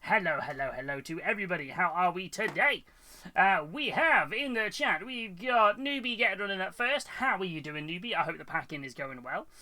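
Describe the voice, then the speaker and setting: A man's voice: sits high, animated, fairly quick, sharp tone. A British man hosting a hobby live stream, chatting casually, greeting viewers by name and laughing often. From United Kingdom. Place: hobby room at home.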